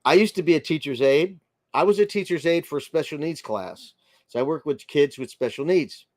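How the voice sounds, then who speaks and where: A friendly American man hosts a casual livestream, reading out comments and greeting viewers one by one. His voice sits a little higher than most men's. It sounds dry and close, with no room echo. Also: fairly quick, darkish tone. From United States. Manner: friendly, chatty, greets viewers by name and muses aloud. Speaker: livestream host.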